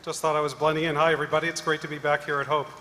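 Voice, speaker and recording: Male panelist, lively storyteller, higher-pitched, roomy hall sound. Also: very fast. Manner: animated storyteller acting out dialogue. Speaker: conference panelist. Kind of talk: storytelling talk on stage. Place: large conference hall. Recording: echoey hall, faint noise.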